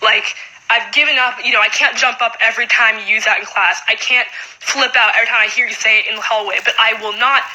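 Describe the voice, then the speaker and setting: A young woman in her late teens, a high school student, venting in a casual vlog with frustrated talk full of "like.". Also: steady tone, quick pace, pushed and bright, rough recording.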